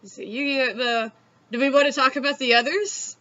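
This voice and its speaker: In a high, bright, forceful voice with fairly even intonation, a Southern-accented woman from the Southeastern US talks a little fast while hosting a casual chat. She's chatty and giggly and swears freely; the recording is dull and lo-fi.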